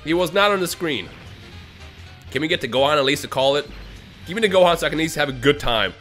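A man commentating his own mobile game pulls for a video, swinging between low grumbling and shouted, exasperated outbursts. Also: lively intonation, fast, faint music behind. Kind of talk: gaming vlog commentary.

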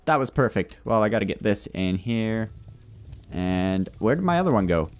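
A man's voice: fairly low pitch, lively intonation, normal speed, soft background music. A young man giving playful let's play commentary, chatting with game customers like a shopkeeper. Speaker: gaming YouTuber.

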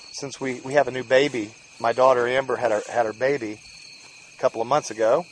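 A man's voice: mid-range voice, a little hiss or hum, low-quality recording. A middle-aged man, rambling casually in a home video while tending his dogs outdoors. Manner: rambling, folksy, coos at the dog. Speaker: family vlogger. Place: outdoors in a rural yard. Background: faint crickets and outdoor ambience.

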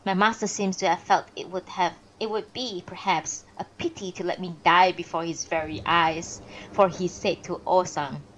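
A woman reading a classic novel aloud on a live stream, expressive with pauses and small self-corrections. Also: lowish voice, lo-fi sound. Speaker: narrator and streamer.

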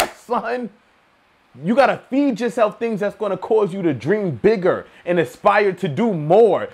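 A young man delivers a motivational talk in a raised voice whose pitch leaps up and down as he pushes his point. He talks in slang and with emphasis. His voice moves between loud, pointed challenges and quiet, low asides. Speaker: motivational video host. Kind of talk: motivational monologue to camera.

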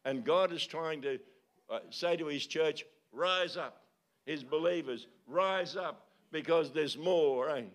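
Older male pastor, slightly high voice, preaching with repeated calls and tag questions. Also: a little slow. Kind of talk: sermon. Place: church service.

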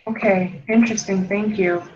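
A woman's voice: mid-range voice, steady tone, normal speed, darkish tone. Hesitant woman reading questions, muffled. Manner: hesitant, with many fillers.

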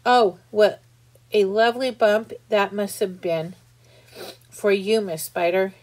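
A woman's voice: mid-range voice, slow pace, a little mellow. A woman reading aloud and voicing a proud, cheeky male centipede in a gleeful, boisterous way.

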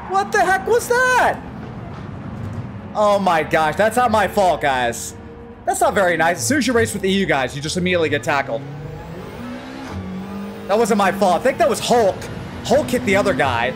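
An American man on a live stream, chatting casually and excitedly with his viewers and greeting them by name while he races. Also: sits high, normal speed, long pauses. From United States. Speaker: gaming livestreamer.

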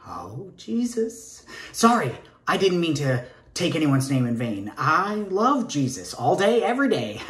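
A man's voice: fairly high pitch, very animated, slow pace, a bit bright, echoey room, full character voice. An actor playing a nervous gay man interviewing for a teaching job, rambling and stammering in a Southern accent, sometimes dropping to a whisper. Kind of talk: comic stage monologue.

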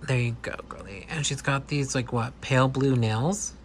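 A man chatting casually and gushing while unboxing a doll, with quick excited asides. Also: mid-range voice, a little hiss or hum. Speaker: doll collector vlogger. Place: indoor room with air conditioner hum.

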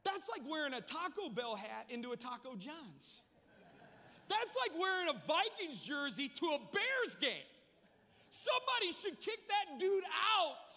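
A man preaching a sermon, telling a humorous story with lively energy in a large church. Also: very high-pitched, big-room sound. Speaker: pastor.

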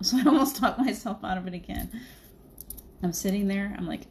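A woman's voice: lowish voice, quick pace, a little mellow, slight background noise. A middle-aged woman hosting a livestream, telling a spiritual story in a chatty way and laughing often. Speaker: livestream host. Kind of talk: casual spiritual chat.

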